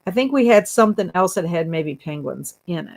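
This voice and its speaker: A woman's voice: on the low side, expressive, moderate pace, gravelly, darkish tone. A woman hosting a casual livestream, giggling often as she reads viewer comments aloud and teases her chat. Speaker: booktube livestream host.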